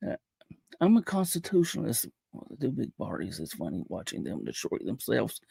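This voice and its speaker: A man hosting a livestream, talking casually in a halting way, often repeating words and restarting his sentences. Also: mid-range voice, huge pitch swings, creaky, warm tone, husky, dry recording. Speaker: livestream host.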